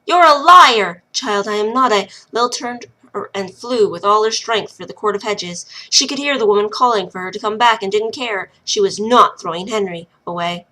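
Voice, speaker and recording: A woman reads a chapter of her own novel aloud and narrates in a plain, unhurried way. She trips over a word now and then and corrects herself. Her voice is bright and sits at an ordinary middle pitch.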